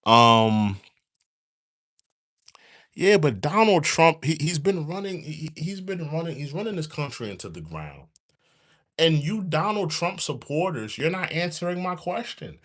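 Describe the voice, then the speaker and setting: A man with hosts a casual commentary stream. He talks in a high, lively voice that jumps around in pitch, circling back to the same points over and over. His delivery is loose and animated, like a live rant to his chat. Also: measured pace. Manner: animated, repetitive, rants and mock-sings. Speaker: commentary show host.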